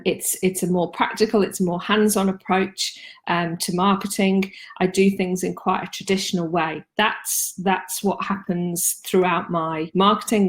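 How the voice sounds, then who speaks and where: Chatty woman giving practical tips. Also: medium pitch. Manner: chatty, practical, frequent ums. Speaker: marketing consultant and host. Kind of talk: casual talk with tips, live video.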